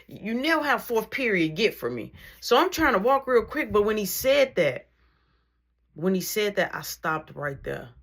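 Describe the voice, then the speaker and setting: A young woman telling a story in a casual, animated way, acting out each exchange of dialogue. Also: medium pitch, a little slow.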